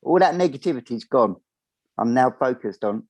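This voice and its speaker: Man acting out his inner voice. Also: normal speed. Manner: acts out his inner voice in higher animated tones. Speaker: podcast co-host. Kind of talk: casual chat.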